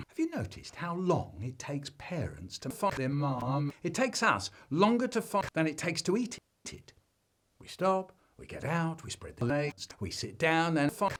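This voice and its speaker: A man telling a comic family story in an animated storytelling manner, his delivery chopped up by remix edits. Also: a little hiss or hum. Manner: animated storytelling with big swings in pitch and volume.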